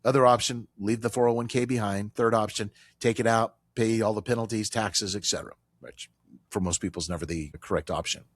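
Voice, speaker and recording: A man's voice: lowish voice, fairly even intonation, brisk, no echo, studio quality. A man hosting a financial talk radio show, speaking emphatically and repeating his key points, with some casual banter with a colleague.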